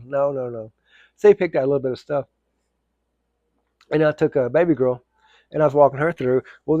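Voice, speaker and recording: A man's voice: fairly high pitch, darkish tone, dry recording, dull audio. A man telling a casual, rambling story, full of fillers and restarts.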